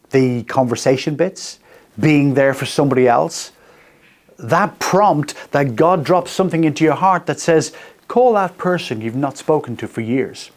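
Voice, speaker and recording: A man in his sixties hosting a radio faith talk, earnest and personal, speaking in short repeated phrases. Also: medium pitch. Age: 60s. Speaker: radio host. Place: radio studio.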